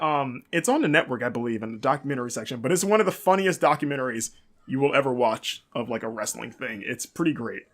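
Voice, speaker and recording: A man's voice: on the high side, fairly bright tone. A man hosting a podcast, giving a casual, rambling recap and leaning heavily on "like" and other fillers. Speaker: podcast host.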